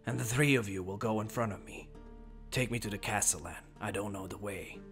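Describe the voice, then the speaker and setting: A man voicing a stern, dangerous male swordsman with a resounding metallic voice, quiet and commanding. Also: lowish voice, fairly quick, soft background music. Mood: cold.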